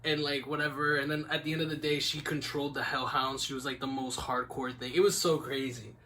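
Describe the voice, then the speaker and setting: A man's voice: medium pitch, flat delivery, fairly quick, sharp tone, a little hiss or hum. A young man hosting a casual podcast, rambling laid-back with lots of "like" and "man.". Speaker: podcast host. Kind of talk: casual chat.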